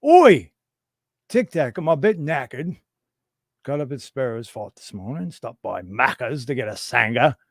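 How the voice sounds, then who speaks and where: A man's voice: mid-range voice, very animated, a little slow, no room sound, clean studio sound. A man putting on a brash, slangy Aussie bloke. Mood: brash, jokey. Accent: mock Australian. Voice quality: broad exaggerated slang delivery. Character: brash male Australian bloke, loud and slangy.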